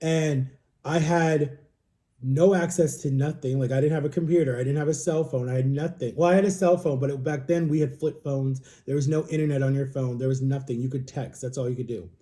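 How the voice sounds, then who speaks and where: A young man vlogging from home shares a personal story, his mid-range, warm voice a little fast and fairly even in intonation. He rambles casually, peppers his speech with "like," and quotes what other people said by acting it out.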